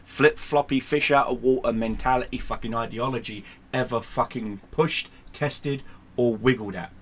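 A man's voice: medium pitch, fairly quick, a bit bright. A man, a gaming streamer, ranting to camera in a sarcastic, combative way with heavy swearing. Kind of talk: profane angry rant to camera.

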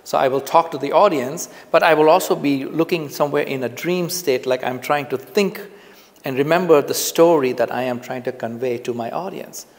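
A man teaching public speaking to the camera in a relaxed, conversational way, often repeating phrases for emphasis. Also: medium pitch, moderate pace, in a large hall. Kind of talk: casual on-camera lesson. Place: indoors, filming himself on camera. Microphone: camera mic, speaking to camera.

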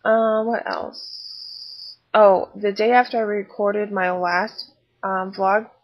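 Recording her pregnancy vlog on a laptop webcam, this young woman in her twenties comes across as worn out and frank, rambling with plenty of fillers and side comments. She speaks slowly in a flat, mid-range voice, and the sound is lo-fi.

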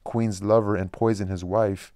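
A man voicing a sly, fawning male demonic master of ceremonies in an audiobook reading, with confiding, drawn-out asides. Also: fairly low pitch, level tone, mellow, dry recording, clean studio sound, natural voice.

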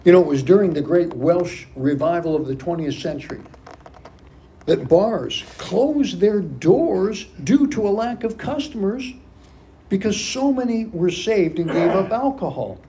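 A man's voice: high-pitched, expressive, unhurried, mellow, a little hiss or hum. A man preaching a sermon as pastor of a church, emphatic and repeating key phrases for stress. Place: church sanctuary.

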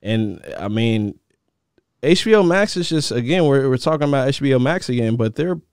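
A man's voice: mid-range voice, expressive, moderate pace, darkish tone, clear, resonant tone, dry recording, clean studio sound. A man co-hosting a casual talk show, rambling and searching for words with many fillers. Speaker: podcast co-host. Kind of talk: casual chat.

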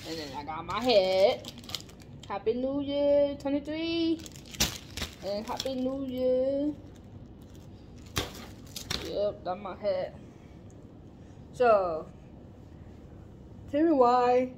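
A woman chatting casually in a daily vlog, animated and exclaiming, stretching out her words. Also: on the high side, extremely slow, pauses often, noisy background. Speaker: vlogger.

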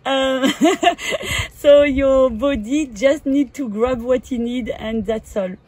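A woman with a French accent, a native French speaker, giving casual wellness tips in a hesitant, halting way with many fillers and frequent laughs. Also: high-pitched, steady tone, dark tone. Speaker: wellness coach. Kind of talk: casual instructional vlog.

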